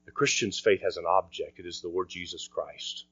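A man preaching a sermon as pastor, earnest, often dropping to a quiet voice for emphasis. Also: sits low, moderate pace, hardly any pauses, slightly rough, no echo. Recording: dry, dull lo-fi sound.

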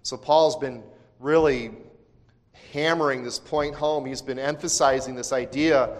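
A male pastor preaching a sermon, talking in a conversational way with asides and restarts, then swinging from quiet to loud emphasis. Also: mid-range voice, steady tone, a little slow. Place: church sanctuary. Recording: long church hall reverb.

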